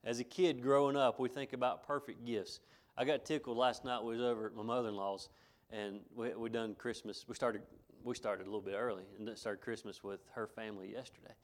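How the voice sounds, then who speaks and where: A man's voice: medium pitch, fairly even intonation, brisk, hardly any pauses. A middle-aged pastor, preaching a folksy sermon to his congregation, repeating himself and chuckling between points.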